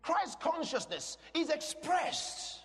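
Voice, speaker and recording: A man preaching a sermon to a congregation, speaking emphatically and breaking into shouted declarations. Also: extremely high pitch, big pitch swings, slow. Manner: asks the congregation questions. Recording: long reverb in a large hall.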